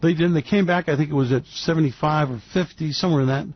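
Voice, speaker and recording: An older man talks in a rambling radio monologue, stopping often on fillers before he lands a blunt point. His voice sits a bit high for a man. The sound is dry and slightly dull, with no room around it. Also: fast talker, no echo. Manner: blunt, hesitant with many fillers, storytelling. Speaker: radio show host.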